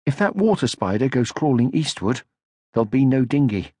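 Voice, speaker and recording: A man voicing a gentle, earnest young male troll creature in an audiobook, in a soft voice. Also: medium pitch, big pitch swings, moderate pace, husky, dry recording. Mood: wistful. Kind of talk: audiobook character voice.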